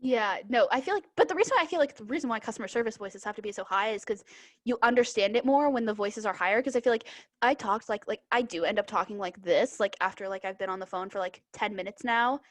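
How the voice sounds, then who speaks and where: A woman's voice: on the high side, quick pace. A young woman co-hosting a casual podcast, chatting with lots of fillers and restarts. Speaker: podcast co-host, bookseller. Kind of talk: casual chat.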